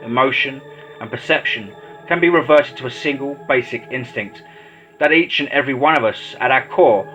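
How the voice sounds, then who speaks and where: A man voicing a sinister, controlling male mad doctor in a horror story, speaking in slow, measured, menacing tones. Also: medium pitch, bright, forceful tone, highs cut off, close to an everyday voice.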